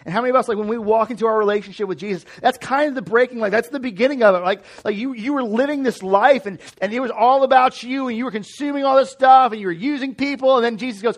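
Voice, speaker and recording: A man in his thirties preaching a sermon, conversational and animated, with frequent restarts and asides. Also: very high voice, fast, few pauses. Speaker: pastor.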